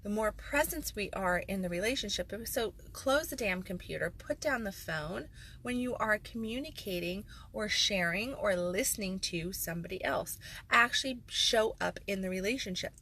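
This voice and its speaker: A woman's voice: medium pitch, lively intonation, normal speed, bright, forceful tone, slight background noise. A woman life coach talking frankly and emphatically in a casual video monologue, with sarcastic asides.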